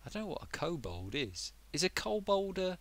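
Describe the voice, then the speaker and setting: A man chatting casually on a live stream is a bit under the weather, rambling and muttering to himself as he gets sidetracked. His high-sitting voice is very animated and moves at a moderate pace.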